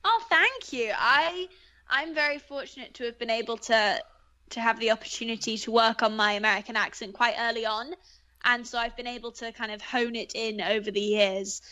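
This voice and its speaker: A woman's voice: a little high, normal speed, bright, forceful tone. A young British woman from England, an actress chatting politely and laughing easily in an interview. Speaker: guest actress. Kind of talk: casual interview chat.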